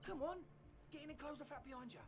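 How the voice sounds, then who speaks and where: An actress voicing a brisk woman in a video game who hurries someone into her tent. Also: high voice, darkish tone, lightly acted.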